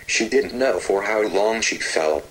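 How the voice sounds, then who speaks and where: A man narrating a fairy tale slowly and gently, with repetitive storytelling phrasing. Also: fairly low pitch, animated, poor audio.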